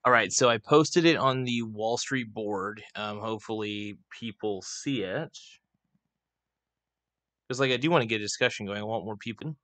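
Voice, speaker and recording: A man's voice: fairly low pitch, normal speed, bright, forceful tone. Rambling, profane male livestream host. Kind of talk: casual livestream rant. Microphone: desk microphone, not clipped on.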